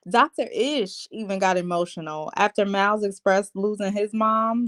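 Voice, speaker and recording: A woman casually recapping a reality TV episode, chatty and animated, with slangy asides to her viewers and frequent laughs. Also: mid-range voice.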